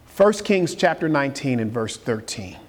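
A man's voice: medium pitch, very animated, moderate pace. A man preaching a sermon as pastor, building to emphatic peaks and repeating his key phrases. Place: church sanctuary. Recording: long reverb in a large hall.

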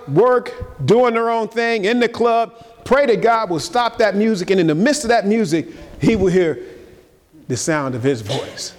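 A man preaching a sermon, firing rhetorical questions at the congregation and swinging between loud high emphasis and low quiet asides. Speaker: pastor. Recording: long reverb of a large hall.

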